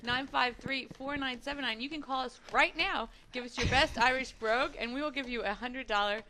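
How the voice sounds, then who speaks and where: A woman hosting a casual studio chat show, upbeat and brisk, quick to laugh. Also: high-pitched, pushed and bright, a little hiss or hum. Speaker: show host and magazine editor-in-chief.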